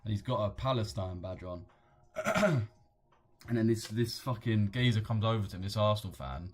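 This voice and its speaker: A man's voice: lowish voice, moderate pace. A man chatting casually on a trading stream, slangy and full of swearing. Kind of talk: casual live-stream commentary.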